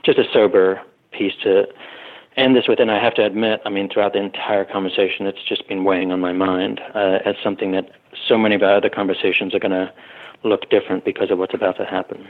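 A man's voice: deep voice, little pitch movement, fast talker. A man co-hosting a panel discussion, talking in a hesitant, rambling way with many fillers. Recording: tinny phone-like remote line.

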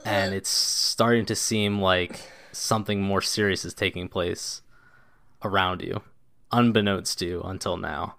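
A man's voice: low voice, steady tone, a little slow, creaky, a bit bright. A man narrating as game master of a tabletop game, in a loose, descriptive way with lots of casual filler words.

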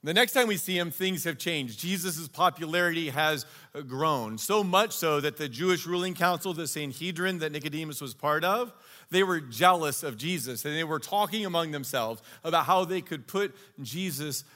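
Male pastor, slightly high voice, earnest conversational sermon, long hall reverb. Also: normal speed, pushed and bright.

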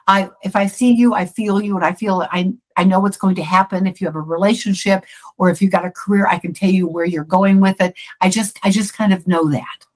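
A woman's voice: medium pitch, fairly even intonation, brisk, low-quality recording. A middle-aged woman talks casually as a psychic guest in an interview. She rambles and restarts her sentences as she explains herself.

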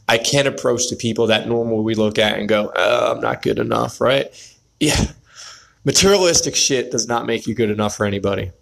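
Speaking to the camera, a vlogger tells a story as a motivational pep talk aimed straight at other men. His mid-range voice is creaky and a bit bright, and he keeps checking in with a repeated "right?"

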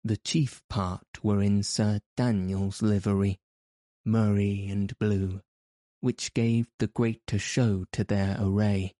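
A man narrating a classic adventure novel in a measured storytelling manner. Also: fairly low pitch, flat delivery, warm tone, dry recording, studio quality. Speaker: audiobook narrator. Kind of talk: scripted narration.

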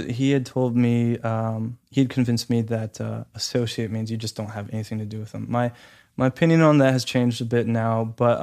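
A man giving a personal testimony, talking hesitantly with many fillers and restarts but growing lively when he quotes people. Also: medium pitch.

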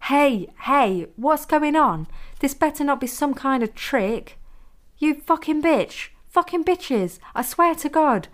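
A woman voicing an angry young man held captive, shouting outraged demands and curses. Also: high-pitched, expressive, takes it slowly, pitched above the performer's own voice. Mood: furious.

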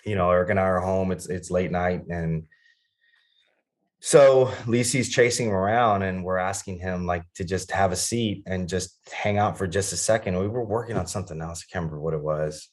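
A man's voice: low voice, normal speed. A man in his thirties talking as a guest on a podcast about being a father, earnest and reflective, with many restarts and fillers.

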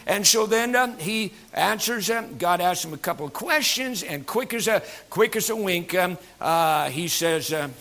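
Preaching a sermon in a church, a male pastor speaks in a high, ringing voice with a bright, forceful edge. His animated, folksy delivery is full of fillers and jokes, and he addresses his congregation directly at a measured pace with few pauses.

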